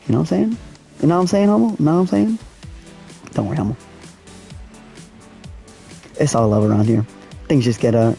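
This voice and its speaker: A young male gaming streamer with a mellow, medium-pitched voice chats casually with his viewers in slang while playing a racing game, giving laid-back live-stream commentary.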